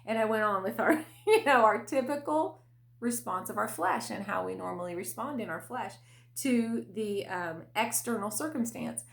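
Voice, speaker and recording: A middle-aged woman hosting a podcast, telling a personal parenting story in a casual, chatty way with fillers and soft laughs. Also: medium pitch, animated, normal speed, creaky. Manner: conversational, many fillers, laughs between phrases. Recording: echoey room.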